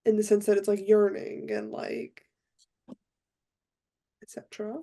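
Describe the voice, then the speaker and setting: A young woman co-hosting a podcast, talking in a rambling, deadpan way with lots of fillers. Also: mid-range voice, measured pace, vocal fry. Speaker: podcast co-host. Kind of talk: casual chat.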